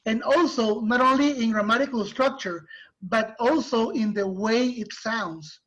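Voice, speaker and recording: Male teacher, online class lecture, slow patient delivery, dull muffled audio. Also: very high voice, fairly bright tone. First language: Spanish. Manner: patient, explains slowly with restarts. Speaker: literature teacher. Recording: muffled lo-fi recording.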